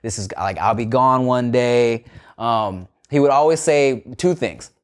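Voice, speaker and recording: A man's voice: medium pitch, measured pace, clear, resonant tone. A man hosting a casual podcast. He talks in a laid-back way and leans on fillers like "you know what I'm saying.". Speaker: podcast host.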